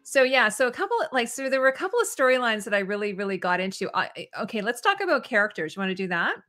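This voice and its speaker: A woman's voice: a little high, very animated, fast, sharp tone. A woman hosting a casual livestream chat, talking loosely with lots of fillers and reading viewer comments aloud. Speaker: host.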